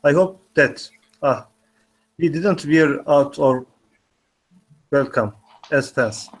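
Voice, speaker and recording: A man's voice: fairly high pitch, takes it slowly, poor audio. A man in a language class reading a practice dialogue aloud carefully. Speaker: language student.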